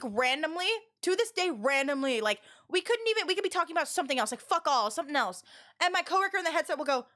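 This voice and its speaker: A young woman with a notably high voice tells stories to her live chat. She talks loudly and animatedly, rambling along with plenty of "like" fillers in a casual streamer chat. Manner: loud and expressive.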